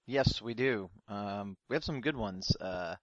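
A lowish-voiced man reads listener comments aloud on a podcast. He hesitates often and fills the gaps with ums. His audio is dull and lo-fi, with no room sound. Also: unhurried, no room sound. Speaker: podcast co-host. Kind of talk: casual chat.

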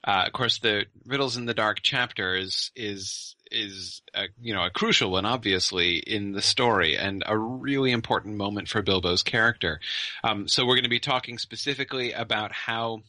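Bright-toned man explaining, dry close mic. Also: lowish voice, no echo. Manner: halting, many restarts, professorial explaining. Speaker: podcast co-host and lecturer. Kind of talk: casual scholarly discussion.

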